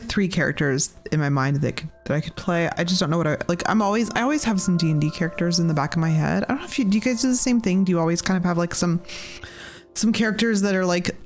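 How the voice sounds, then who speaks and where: A woman's voice: on the low side, darkish tone. Rambling woman chatting while she paints. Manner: rambling, thinking aloud, many "like" fillers. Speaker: artist and cast member drawing on a live stream. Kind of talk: casual live-stream chat while painting.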